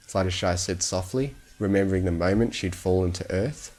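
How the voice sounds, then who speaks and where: A man with a somewhat low voice reading a story aloud for sleep. His delivery is calm and steady, made for lulling listeners to rest. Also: fairly quick, few pauses. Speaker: fan fiction reader.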